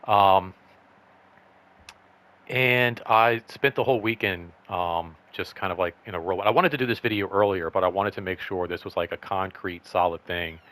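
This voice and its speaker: A man hosting a casual personal vlog update, rambling and excited, full of "like" and "um". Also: low-pitched, normal speed. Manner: rambling, lots of "like" and "um"; excited, upbeat. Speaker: channel host.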